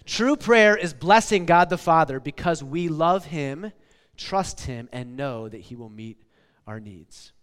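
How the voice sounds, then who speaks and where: A man's voice: a little high, expressive, unhurried, a bit bright, smooth. A man in his forties preaching a casual, conversational sermon, often checking in with "okay?" and "like.". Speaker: pastor. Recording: long hall reverb.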